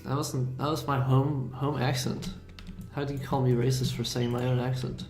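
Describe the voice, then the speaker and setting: A man chats on a livestream at a middle pitch, keeping his energy deliberately low and joking along the way. His voice carries a noticeable room echo, with faint music playing underneath. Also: little pitch movement, a little mellow. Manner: laid-back, deliberately low-key, joking. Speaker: animator hosting a dev livestream. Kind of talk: casual livestream chat.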